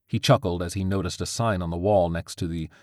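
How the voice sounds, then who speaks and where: A man narrating a story with a steady, even reading. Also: deep voice, brisk, no echo, clean studio sound.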